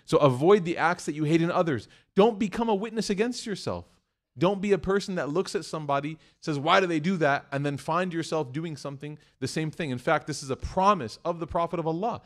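This Islamic preacher's voice is fairly high and his pace brisk as he delivers a conversational sermon built around a story. He performs the quoted speakers with lively shifts and frequently checks in with "right?" and "okay?".

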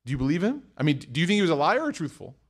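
A man giving an Islamic talk to a live audience, telling stories in a conversational, animated way before taking questions. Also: fairly high pitch, racing. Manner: conversational, animated storytelling with religious phrases. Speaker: religious speaker.

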